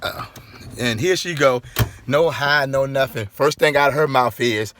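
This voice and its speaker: A middle-aged man, a pastor and author, chatting casually to his viewers on a phone inside a car, repeating his points and getting animated when riled. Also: medium pitch, unhurried, slight background noise. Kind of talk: casual vlog talk to viewers.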